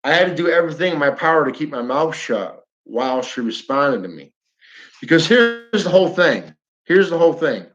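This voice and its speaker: Fired up new york guy ranting on a livestream, bit high, dull lo-fi sound. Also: fairly quick. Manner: blunt, animated, repeats himself, talks to chat viewers. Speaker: flat earth livestreamer.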